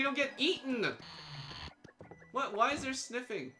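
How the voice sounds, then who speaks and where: A young man with a high voice riffs through casual gameplay commentary. His tone is bright and sharp, and he jokes, teases the characters sarcastically and laughs often. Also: lively intonation, a little slow, faint music behind. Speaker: let's play commentator.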